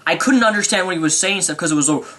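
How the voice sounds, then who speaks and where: Excitable young man with a bright voice. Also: high-pitched, rapid-fire. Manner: excitable, rambling, unscripted. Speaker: movie reviewer. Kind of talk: casual movie review vlog.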